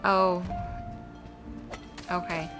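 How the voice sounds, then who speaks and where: A woman's voice: fairly low pitch, little pitch movement, drawn-out words, over music. A woman giving chatty, giggly commentary while playing a video game. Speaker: let's play gamer.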